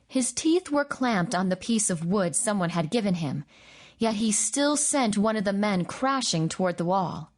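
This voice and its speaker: A woman reading a novel aloud in a steady, measured audiobook narration. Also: mid-range voice. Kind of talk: scripted narration.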